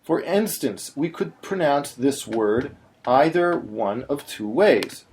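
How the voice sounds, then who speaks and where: A man's voice: medium pitch, lively intonation, takes it slowly, darkish tone, slight background noise. A man teaching in a patient, explanatory way, now and then breaking into short sung syllables. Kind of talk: screen-recorded tutorial.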